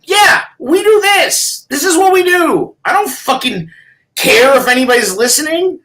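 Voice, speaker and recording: A woman's voice: high-pitched, animated, unhurried, fairly bright tone, distant mic, low-quality recording. A woman in her thirties, co-hosting a podcast, ranting in a profane, exasperated way. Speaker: podcast co-host. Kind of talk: casual podcast chat.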